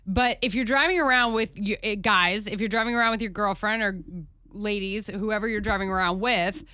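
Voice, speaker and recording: A woman's voice: mid-range voice, steady tone, fairly quick, pushed and bright, clear, resonant tone, no room sound. A woman co-hosting a morning show, explaining a topic in a chatty way. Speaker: radio show co-host. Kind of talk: casual morning show chat.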